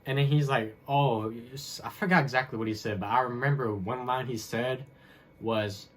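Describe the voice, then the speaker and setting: A man's voice: mid-range voice, normal speed, a bit bright. A young man hosting a podcast, telling a story alone in a loose, rambling way with lots of fillers and slang. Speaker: podcast host. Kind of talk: casual solo storytelling monologue.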